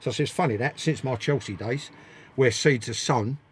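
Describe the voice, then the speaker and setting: Older bloke, blunt and sweary, keeps hammering his point, mid pitch. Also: a little fast, slightly rough. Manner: blunt, emphatic, repeats himself. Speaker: interview guest, former footballer. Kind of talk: casual storytelling, swearing freely.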